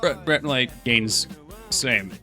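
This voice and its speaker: Bright-voiced man streaming game development. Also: mid-range voice, takes it slowly. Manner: rambling, thinks aloud, reads chat. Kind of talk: casual live-stream chat. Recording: faint music behind voice.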